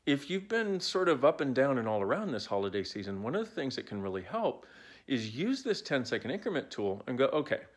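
A man in his forties speaks casually into a phone held at arm's length, coaching viewers in a playful, wandering way. His pitch swings widely and freely, and he drifts off on side jokes before circling back. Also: a little fast, slightly rough. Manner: animated, playful, digressive. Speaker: self-help speaker. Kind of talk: casual talk to camera.

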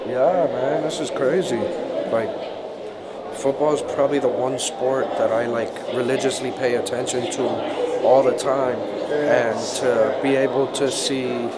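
A man's voice: mid-range voice, steady tone, measured pace. A man chatting casually in a museum hall, laid-back and saying "man" often. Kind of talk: casual chat. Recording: loud background noise.

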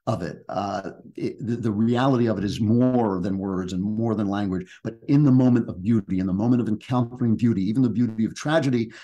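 A man's voice: fairly low pitch, fairly quick, few pauses, dark tone, lo-fi sound. A man speaking as a podcast guest author, reflective and emphatic, often restarting his sentences. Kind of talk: podcast interview conversation.

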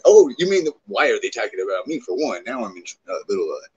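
A man livestreaming in casual chat, profane and excitable, reacting to his chat. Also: mid-range voice, quick pace, hardly any pauses, breathy edge. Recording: dull lo-fi stream audio, faint noise.

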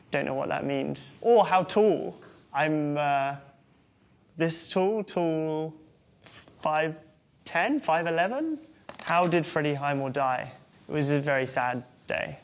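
Speaking with vocal fry at a fairly high pitch, a twenty-something interviewee from England reads out questions and responds to each with dry humor aimed at himself.

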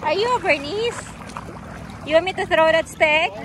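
Very high-voiced woman cooing at dogs. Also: normal speed. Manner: high sing-song baby talk to dogs, giggly. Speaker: dog owner filming at the beach. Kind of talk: casual chat and dog talk. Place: outdoor beach by the water. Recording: outdoor wind and water noise.

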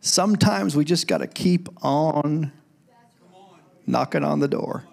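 Middle-aged pastor guy preaching in church, lively, shouts the quotes on a stage mic. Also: fairly high pitch, slow, vocal fry. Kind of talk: sermon. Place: church sanctuary.

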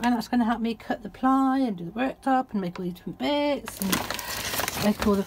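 A chatty woman with a fairly high voice, talking excitedly as she opens a parcel for her vlog. Her words keep getting covered by loud crinkling and clicking close to the mic. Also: moderate pace, background noise. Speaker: vlogger. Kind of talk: casual vlog.

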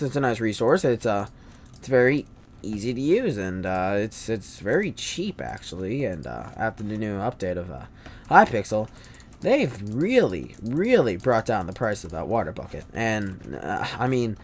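Animated man ranting over gameplay. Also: lowish voice, moderate pace. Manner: rambling, bursts into yelling rage. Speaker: gaming channel host. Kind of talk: Minecraft gameplay commentary.

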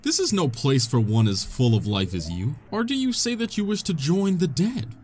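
A man's voice: fairly high pitch, sing-song, moderate pace, a little mellow, faint music behind. A man voicing a gloomy male ghost composer from a video game, speaking in a solemn, grandiose way. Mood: ominous.

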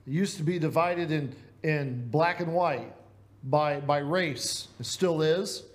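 Earnest Midwestern preacher man, fairly high voice. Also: takes it slowly. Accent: Midwestern American. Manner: earnest, conversational preaching with rhetorical questions. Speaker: pastor. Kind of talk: sermon. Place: church.

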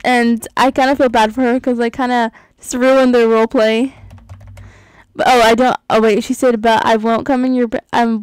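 A woman's voice: a little high, clear, resonant tone, no room sound, low-quality recording. A young woman chatting casually as she plays, gushing and giggling often as she comments on her game. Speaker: gaming YouTuber.

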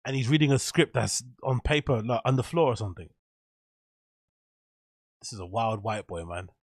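A man talks over a clip in loose, sarcastic commentary, swearing often and wandering between thoughts. His voice sits at an ordinary middle pitch. The sound is close and dry, with no room around it. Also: moderate pace, no room sound. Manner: swears freely, rambling and joking. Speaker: reaction video host. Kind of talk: casual reaction commentary.

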